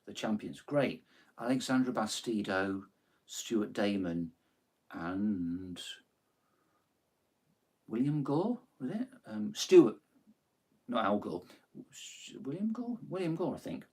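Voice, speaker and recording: Husky-voiced man with a Nottingham accent. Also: lowish voice, lively intonation, takes it slowly, long pauses, darkish tone. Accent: Nottingham, East Midlands English. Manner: rambling and hesitant, full of ums and self-corrections. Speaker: live-stream musician taking song requests. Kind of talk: casual live-stream chat.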